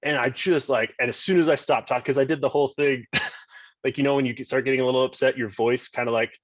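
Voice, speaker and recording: A man's voice: mid-range voice, steady tone, fast, no room sound. Rambling man, dull dry recording. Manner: rambling, heavy "like" fillers, frequent restarts. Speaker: podcast guest, state government chief of staff. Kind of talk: casual interview storytelling.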